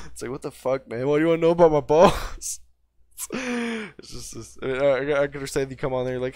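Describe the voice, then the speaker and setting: A man's voice: mid-range voice, expressive, fast, a little mellow, no room sound. Rambling, profane young man streamer. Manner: rambling, profane, full of restarts. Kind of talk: casual livestream chat.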